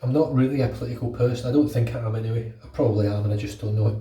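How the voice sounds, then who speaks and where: A man's voice: medium pitch, fairly even intonation, racing, dark tone, reverberant, distant mic. British bloke rambling and swearing while he shaves, kinda stuffy with a cold, sounds off-mic in a tiled room. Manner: chatty, swears freely, rambling. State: under the weather with a cold. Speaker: shaving vlogger. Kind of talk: casual vlog talk while shaving. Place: bathroom at home.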